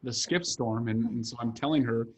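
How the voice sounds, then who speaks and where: A man's voice: mid-range voice, moderate pace, breathy edge. Man talking earnestly on a video call. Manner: frequent "uh" fillers, earnest and fluent. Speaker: author and congressman guest. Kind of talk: conversational interview over video call.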